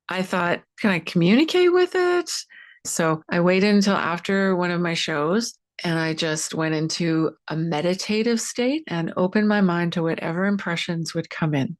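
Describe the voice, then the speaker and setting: A woman telling a personal ghost story as a guest, lively and expressive, acting out the quoted lines. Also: fairly low pitch, moderate pace.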